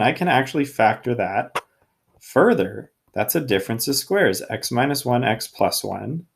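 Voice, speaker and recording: A man's voice: medium pitch, big pitch swings, moderate pace, gravelly. A man teaching a math lesson, explaining each step as he works and often checking in with his students. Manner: thinks aloud while working problems. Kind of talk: recorded classroom lesson.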